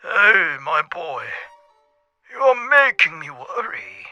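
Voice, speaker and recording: A man voicing a drunk middle-aged father with a husky voice, pleading, sobbing and screaming in voice messages, recorded from off mic. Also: high-pitched, very animated, slow, sharp tone, no room sound, lo-fi sound, faint music behind, voice pushed up, heavily acted. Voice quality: husky, wailing.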